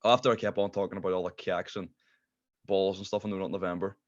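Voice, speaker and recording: A young man with a Derry accent talks quickly in a low-pitched, laid-back voice, rambling and swearing freely. The podcast recording sounds muffled and lo-fi. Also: steady tone. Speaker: podcast guest. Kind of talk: casual chat.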